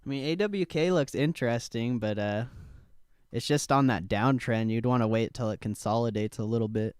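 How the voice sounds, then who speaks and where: A man's voice: medium pitch, moderate pace, a little mellow, clear, resonant tone, dry recording, clean studio sound. Laid-back young man chatting on a stream. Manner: laid-back, swears casually, laughs often, talks to chat. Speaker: stock trading livestream host. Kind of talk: casual live-stream chat.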